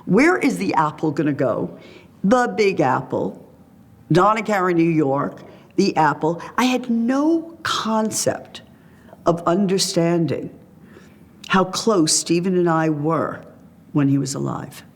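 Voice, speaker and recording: A woman's voice: fairly low pitch, lively intonation, slow pace. Woman, interview guest, reflective storytelling, free-flowing, quotes others in conversation. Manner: free-flowing, tells stories through quoted dialogue.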